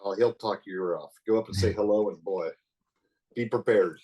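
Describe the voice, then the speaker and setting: A man's voice: on the low side, normal speed, dark tone, slightly rough, dull audio. A man in his sixties telling stories in a casual, rambling way as a podcast guest, often chuckling and saying "you know". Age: 60s. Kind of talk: casual storytelling.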